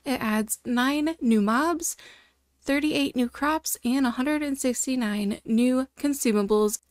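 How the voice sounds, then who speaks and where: A woman hosting a gaming video, chatting through her gameplay with bubbly excitement and frequent delighted gasps. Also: sits high, slow, no room sound, clean studio sound.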